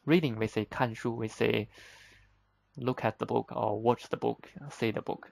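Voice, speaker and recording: A man's voice: mid-range voice, steady tone, moderate pace, gravelly, a little mellow. A man teaching vocabulary, explaining patiently step by step in plain, slightly broken English with simple examples. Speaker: Chinese teacher.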